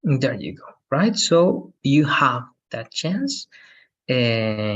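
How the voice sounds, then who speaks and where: A man's voice: medium pitch, sing-song, drawn-out words, a bit bright, husky, muffled recording. A man teaching an English grammar lesson online, checking in with "right?" after almost every sentence.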